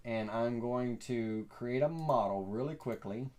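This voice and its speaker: Give me a folksy Southern man hosting a live software lesson, talking casually with lots of fillers. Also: mid-range voice, unhurried. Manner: rambling, filler-heavy, folksy. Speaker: host.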